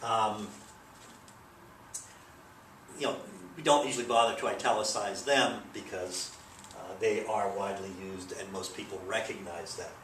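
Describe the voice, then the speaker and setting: A man's voice: fairly low pitch, fairly even intonation, moderate pace, a bit bright, a little hiss or hum. A man giving a recorded grammar lesson, explaining in a loose, rambling way with many fillers. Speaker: teacher. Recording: echoey room, mic at a distance.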